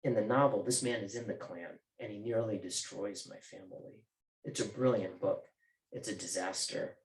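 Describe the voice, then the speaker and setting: A man's voice: lowish voice, moderate pace, creaky, a little mellow. Man reading his novel in a roomy bookstore. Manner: casual, joking asides. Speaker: author. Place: bookstore event.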